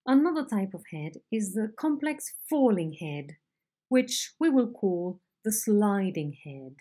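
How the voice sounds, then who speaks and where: A woman teaching a phonetics lesson, explaining slowly and modelling intonation patterns on example sentences. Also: medium pitch, warm tone. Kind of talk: recorded online lecture.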